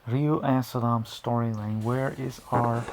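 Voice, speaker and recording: A man's voice: medium pitch, steady tone, a little slow, background noise. A man giving casual, rambling commentary to camera, often restarting sentences and drifting into asides. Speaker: video creator.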